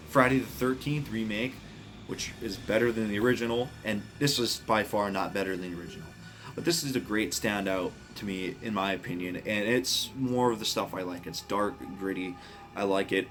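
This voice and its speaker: A man casually ranking horror films, speaking bluntly, swearing often and getting excited about what he likes. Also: fairly low pitch. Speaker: movie reviewer. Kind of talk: casual film ranking monologue.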